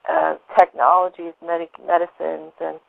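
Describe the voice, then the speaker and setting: A woman's voice: low-pitched, little pitch movement, normal speed, vocal fry, dry recording. Female radio host, encouraging and chatty, tinny phone sound with no room. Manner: enthusiastic, encouraging, lots of fillers. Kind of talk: casual radio interview chat. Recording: tinny phone line, dry.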